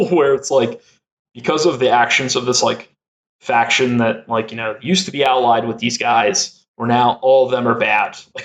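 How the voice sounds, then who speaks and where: A man's voice: mid-range voice, a bit bright. A young man chatting as a podcast guest, rambling and laughing a lot with many fillers. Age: young adult. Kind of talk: casual chat.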